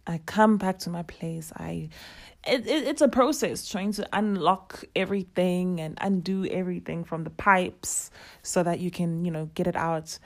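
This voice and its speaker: Casting: young woman, low-ish voice, lively casual storyteller who acts out dialogue. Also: normal speed. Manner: animated, acts out quoted dialogue, laughs often.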